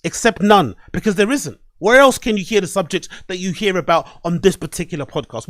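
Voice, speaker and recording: High-voiced man ranting on a podcast. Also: brisk, hardly any pauses, no room sound, studio quality. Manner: animated, swearing, repetitive ranting. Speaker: podcast host. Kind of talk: solo commentary podcast. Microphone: desk microphone and webcam.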